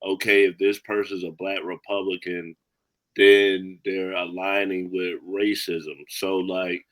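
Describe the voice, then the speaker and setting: A man on a casual panel, joking sarcastically before making his point in a measured way. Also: deep voice, little pitch movement, fairly bright tone, rough recording. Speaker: panel guest.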